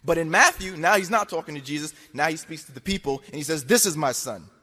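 Speaking fast and forcefully, a man with a bright, highish voice argues his case before an audience. He repeats himself insistently and pushes his points with rhetorical questions, all in a hall with long reverb.

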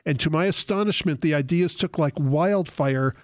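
A frail, devout elderly man speaks from his sickbed in an earnest, read-aloud tone, voiced by a man reading an account. The voice sits a little high for a man. The sound is dry and close. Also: moderate pace, no room sound, close to an everyday voice.

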